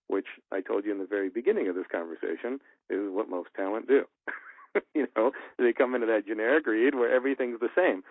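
A man's voice: mid-range voice, no echo. A man who works as a voice actor and engineer, giving casual advice in a rambling storytelling way with many restarts. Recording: tinny phone-like dry sound.

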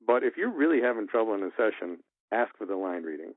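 A man's voice: on the low side, sing-song, fast, dry recording. A man who works as a voice actor and engineer, giving casual advice in a rambling storytelling way with many restarts. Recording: tinny phone-like dry sound.

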